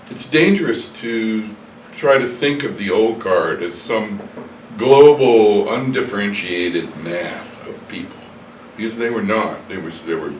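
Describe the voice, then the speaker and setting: Interviewed in a hotel room, an older, low-voiced man reflects on his past in long, rambling stories, full of hesitation, fillers, and self-corrections. He's recorded from a distance in an echoey space, with faint hiss in the background.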